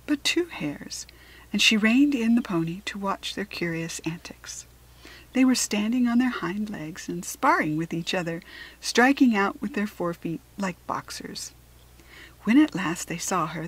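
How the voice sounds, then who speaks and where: A woman reading a children's storybook aloud in a soft, often whispered narration. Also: medium pitch, slightly rough, low-quality recording. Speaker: children's book reader.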